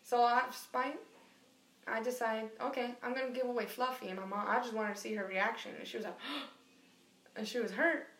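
A woman telling a story in casual chat, animated and profane, acting out the voices of the people in it. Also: fairly high pitch, normal speed, roomy sound. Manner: animated, profane, acts out quotes.

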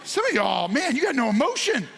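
Man, very high voice, pastor, sermon, animated, excited shouting bursts, talks to the congregation. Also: brisk, creaky, crowd noise, background noise. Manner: addresses congregation and online viewers directly.

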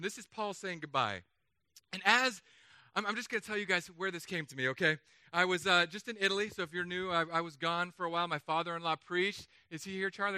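A male pastor gives a loose, joking sermon, full of playful asides and acted-out voices. His voice sits high and rings very bright and smooth. The sound is dry and close. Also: no room sound. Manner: animated, playful, acts out voices. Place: church.

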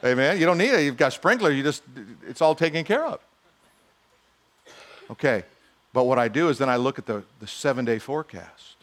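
A man's voice: mid-range voice, lively intonation, a little fast, long pauses, a bit bright. A male pastor preaching a sermon in a conversational style, with humorous asides and acted-out quotes.

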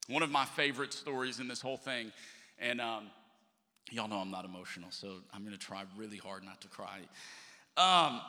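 A man's voice: medium pitch, bright, forceful tone. A man preaching a sermon as pastor, chatty and joking with his congregation. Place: church sanctuary. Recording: long hall reverb.

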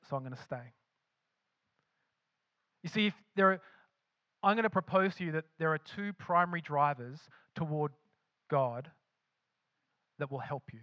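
Male pastor, sermon delivery, emphatic and repetitive, slightly high voice, dry muffled sound. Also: fairly bright tone, dry recording. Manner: acts out imagined voices of believers.

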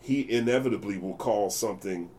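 A low-pitched American man, a jazz bassist guesting on a casual interview, talks briskly with a little hiss or hum on the recording. He tells lively stories and performs the other characters' voices.

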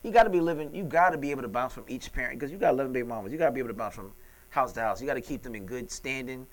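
A man's voice: mid-range voice, poor audio. A man hosting a radio talk show, joking and casual with his guest. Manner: quick, bright, joking.

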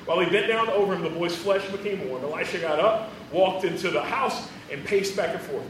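A preacher delivers a casual, joking sermon in a fairly high, fairly bright voice at a fairly quick pace, chuckling between phrases. He sounds distant from the mic, his voice carried by a very echoey hall over faint room noise.

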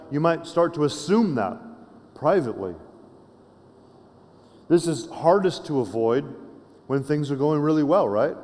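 A man's voice: on the high side, a little mellow. Conversational preacher man, hall reverb. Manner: conversational preaching with frequent restarts and tag questions. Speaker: pastor. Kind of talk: sermon. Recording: long reverb of a large hall.

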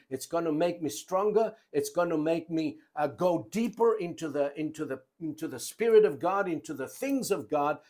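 A male preacher delivering a sermon in a slightly raised voice. He speaks at an unhurried, deliberate pace. His emphasis swells and falls from phrase to phrase. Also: on the high side. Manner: emphatic, rising and falling in loudness, slow deliberate phrasing.

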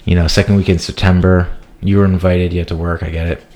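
A man's voice: low voice, flat delivery, fast talker, mellow, soft background music. A man in his thirties telling a long, rambling, profane story as a podcast co-host. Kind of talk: casual storytelling chat.

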